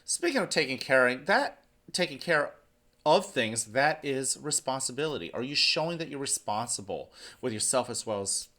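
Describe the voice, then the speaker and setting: A man's voice: medium pitch, very animated, moderate pace, pushed and bright. A man who is a school principal, giving morning announcements and speaking encouragingly to students.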